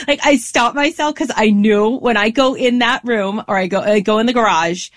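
A woman's voice: fairly high pitch, normal speed. A woman in her thirties co-hosting a casual chat, speaking emphatically and affirming the guest.

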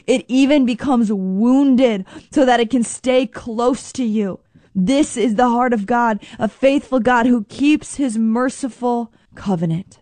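A woman preaching a sermon in an earnest, emphatic way. She repeats key phrases and slows down to stress them. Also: medium pitch, dark tone, no room sound.

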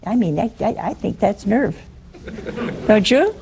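A woman's voice: mid-range voice, expressive, unhurried, creaky, darkish tone, slight background noise. A woman preacher giving a sermon to a live audience, humorous, teasing and conversational.

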